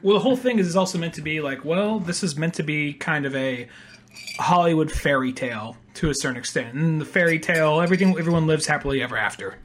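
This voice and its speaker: A man chatting casually about a film, animated and profane, often laughing. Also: a little high, fast talker, slight background noise.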